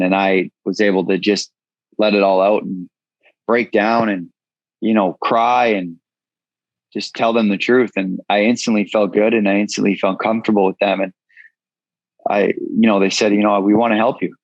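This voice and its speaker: Blunt male interview guest, low voice, dry slightly muffled recording. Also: steady tone, normal speed, dry recording. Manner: frank, casual, swears freely. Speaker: guest, entrepreneur. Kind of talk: candid storytelling interview.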